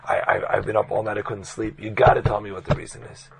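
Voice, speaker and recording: A man's voice: on the low side, flat delivery, fast talker, gravelly, background noise. A man voicing a wealthy coat-factory owner who presses and repeats himself while telling a story. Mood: pleading.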